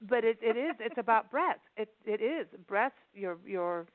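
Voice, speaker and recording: A woman's voice: fairly high pitch, expressive, measured pace, dry recording. A woman hosting a radio show, chatting enthusiastically with her guest and laughing often. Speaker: radio host. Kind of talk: casual radio interview. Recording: tinny dry phone-like sound.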